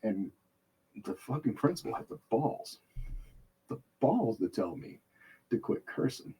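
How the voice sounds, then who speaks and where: A man's voice: medium pitch, very animated, a little slow, warm tone, slightly rough. A man hosting a podcast, telling a heated, profane story in casual chat, swearing constantly. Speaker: podcast host.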